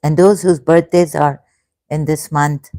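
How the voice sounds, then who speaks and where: A woman in her fifties hosting a casual livestream, halting and hesitant, full of restarts and effusive thanks. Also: deep voice, steady tone, warm tone, no room sound. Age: 50s. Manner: emotional, effusively grateful. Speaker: livestream host. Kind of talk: casual livestream chat reading comments.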